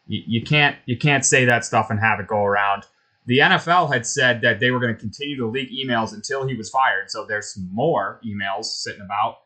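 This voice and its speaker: A man's voice: mid-range voice, brisk, bright, forceful tone. A man hosting a casual sports talk show, blunt and opinionated, with lots of fillers. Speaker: host.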